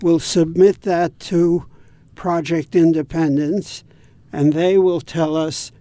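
A man speaking as a guest on an interview, explaining things in a measured, patient way. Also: fairly high pitch, fairly even intonation, dark tone, dry recording. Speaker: guest from a home repair volunteer group. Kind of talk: interview answers.

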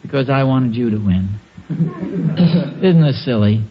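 A man's voice: mid-range voice, lively intonation, takes it slowly, background noise. A man acting a sheepish, stammering husband in a 1940s radio sitcom, muffled old recording.

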